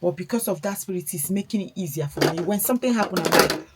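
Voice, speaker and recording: A woman's voice: fairly low pitch, quick pace, a little hiss or hum. A woman chatting casually while doing her makeup, a mother talking in a reflective, encouraging way. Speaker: beauty vlogger, mother.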